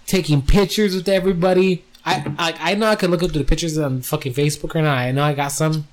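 Animated, profane storytelling man. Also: a little high, fast. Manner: profane, animated storyteller acting out quoted voices. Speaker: podcast co-host. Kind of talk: casual storytelling chat.

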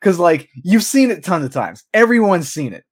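A man co-hosting a podcast in a casual chat, animated and profane, filling his speech with "like". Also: high-pitched, normal speed, breathy edge. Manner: animated, profane, says "like" constantly. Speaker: podcast co-host.

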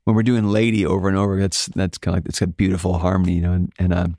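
A man from Alaska, a guest musician, telling stories in a casual interview, animated and jumping up high when he quotes others. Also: racing, no echo, studio quality.

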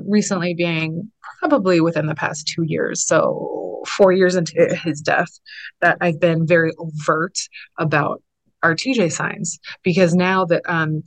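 A woman's voice: low voice, a bit bright, no echo, poor audio. A bereaved mother speaking earnestly in an interview, often repeating and restarting her words. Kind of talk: conversational interview.

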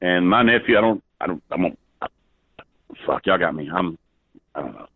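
A man's voice: deep voice, animated, normal speed, breathy edge. A drunk man on a phone call, rambling and swearing constantly as the target of a prank call. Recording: tinny phone line.

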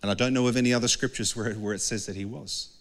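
A man's voice: medium pitch, fairly even intonation, fast talker. A man giving an earnest, conversational sermon as pastor, often acting out the voices of people he quotes. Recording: long hall reverb.

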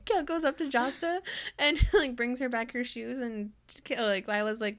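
A woman's voice: fairly high pitch, moderate pace. Chatty woman retelling a story. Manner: animated retelling with many "like" fillers, acts out characters. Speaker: podcast co-host. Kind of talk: casual book chat.

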